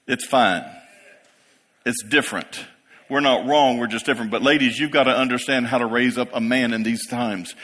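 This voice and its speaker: Man in his 50s preaching in a big church, bright voice with long hall echo, keeps asking the crowd "yes?". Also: medium pitch, moderate pace. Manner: preaching, rising to emphatic peaks, asks congregation "yes?". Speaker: pastor. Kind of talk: sermon. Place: church sanctuary. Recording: long reverb of a large hall.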